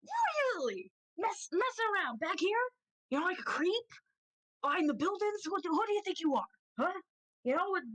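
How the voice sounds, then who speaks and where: A woman's voice: high voice, very animated, normal speed, few pauses, pushed and bright, pitched above the performer's own voice, exaggerated voice. A woman voicing a big, intimidating male rooster thug who talks in a smug, accusing way.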